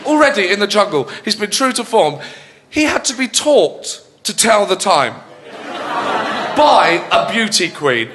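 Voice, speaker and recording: Brief: male stand-up comic, very expressive and bouncy in pitch, rambling and mocking. Audience noise throughout. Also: measured pace, crowd noise. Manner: animated, rambling, mocking delivery. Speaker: stand-up comedian. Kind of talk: stand-up comedy. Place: studio comedy stage before a live audience. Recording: live audience laughter and room noise.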